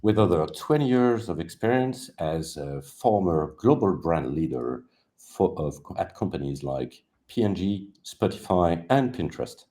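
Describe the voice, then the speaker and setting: A man hosting a live business talk show, giving lively scripted introductions with the odd stumble. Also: low-pitched, a little slow.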